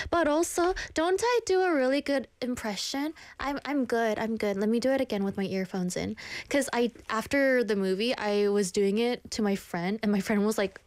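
A young woman hosts a radio show in a casual, chatty way. She is bubbly and quick to giggle, and her voice sits high. The sound is close and dry. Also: dry recording.

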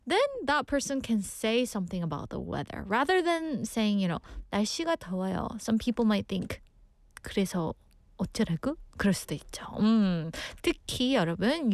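Brief: young woman radio DJ, playful and giggly, quick delivery with a very animated pitch, dry studio sound. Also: no echo. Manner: playful, giggly, switches between two languages. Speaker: radio DJ host. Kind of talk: bilingual radio show chat reading listener messages.

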